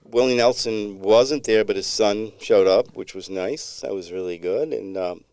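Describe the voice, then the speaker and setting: A man's voice: lowish voice, unhurried, a little mellow, clear, resonant tone, no echo. A middle-aged man co-hosting a podcast, telling a long story in a rambling, laid-back way with many restarts. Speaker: podcast co-host. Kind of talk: casual storytelling chat.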